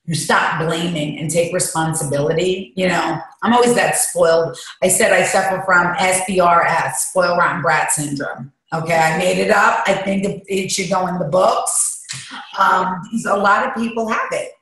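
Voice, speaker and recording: Woman interview guest, lowish voice, confessional and rambling, heavy echo. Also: moderate pace, a bit bright. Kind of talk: candid interview. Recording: echoey room.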